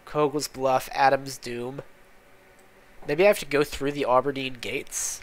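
A man's voice: medium pitch, flat delivery, unhurried. A man talking over his gameplay in a casual, exasperated way. He swears constantly and mutters complaints as things go wrong. His commentary is loose and unscripted. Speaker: gaming channel host.

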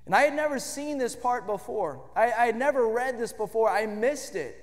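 A man preaching a sermon in a church, with an emphatic cadence that swells into shouts. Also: very high voice, animated, moderate pace, hardly any pauses. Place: church sanctuary. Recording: long reverb of a church hall.

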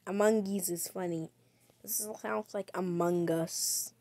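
A woman streamer giving chatty commentary on a game as she plays, breaking into sudden loud, excited outbursts. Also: fairly low pitch, takes it slowly, dry recording. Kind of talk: gaming livestream commentary.

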